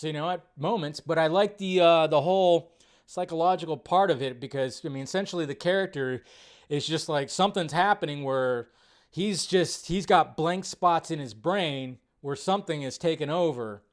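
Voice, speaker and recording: A man hosting a casual film-commentary livestream, animated and reacting loudly, with some swearing. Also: on the high side, moderate pace. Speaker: livestream host.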